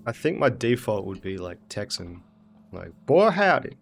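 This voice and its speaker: A man's voice: deep voice, normal speed, creaky, soft background music. An Australian man streaming a game, muttering and thinking aloud as he plays in casual commentary.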